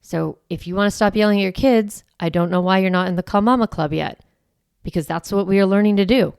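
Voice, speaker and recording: Woman, parenting coach on her own podcast. Gravelly, smooth low voice, chatty and encouraging, dry close sound. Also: fairly quick, darkish tone, no echo. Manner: chatty and encouraging, peppered with "like" and "right". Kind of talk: casual podcast monologue.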